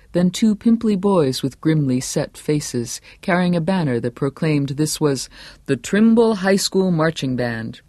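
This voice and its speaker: A man reading a novel aloud in a measured, steady storytelling voice. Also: a little high, dry recording. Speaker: audiobook narrator. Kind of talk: scripted narration.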